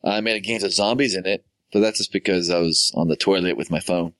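A man's voice: low voice, fast, a bit bright, no room sound. A man co-hosting a casual gaming podcast, playful and rambling. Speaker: podcast co-host. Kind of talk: casual chat.

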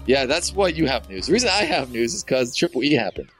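A man's voice: mid-range voice, very animated, quick pace, a bit bright, soft background music. A man co-hosting a casual gaming podcast, playful and rambling. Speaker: podcast co-host. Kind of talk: casual chat.

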